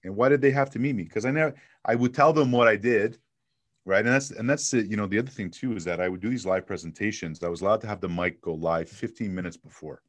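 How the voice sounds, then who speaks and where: A man talking casually in an interview about selling, an energetic storyteller who acts out little bits of dialogue. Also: fairly low pitch, fast, dry recording. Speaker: sales trainer and guest.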